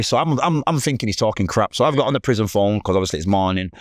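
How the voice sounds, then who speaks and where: A middle-aged man with a Mancunian accent, a podcast guest telling a painful story in fast street slang, acting out the voices of others. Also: lowish voice, lively intonation, no echo, studio quality. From England. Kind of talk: emotional storytelling.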